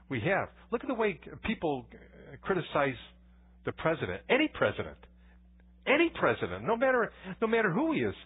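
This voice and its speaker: Male pastor, conversational sermon, husky tone, phone-like lo-fi recording. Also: medium pitch. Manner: conversational preaching with anecdotes and frequent restarts. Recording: tinny phone-like church recording.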